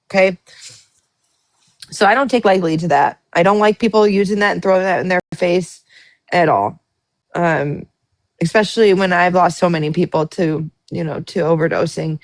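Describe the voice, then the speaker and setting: A woman's voice: lowish voice, no echo. A woman hosting a live stream, telling a story casually, full of fillers, restarts and swearing. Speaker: livestream host. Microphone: phone or webcam on a live stream.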